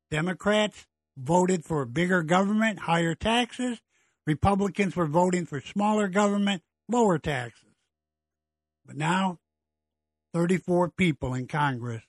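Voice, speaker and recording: A middle-aged man with a voice on the high side hosts a political commentary monologue, blunt and exasperated, ranting about government and politicians. The recording is dry.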